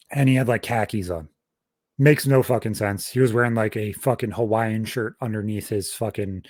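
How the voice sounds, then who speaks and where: A man's voice: on the low side, no room sound, studio quality. A young man casually telling a long story on a podcast, swearing constantly and rambling through details. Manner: profane, rambling, animated storytelling. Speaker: podcast host.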